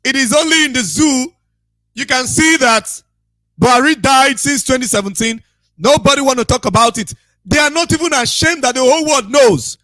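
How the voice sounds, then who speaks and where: A man's voice: very high voice, moderate pace, sharp tone, no room sound, clean studio sound. A man, giving a repetitive, emphatic and scolding preaching monologue as a radio broadcaster.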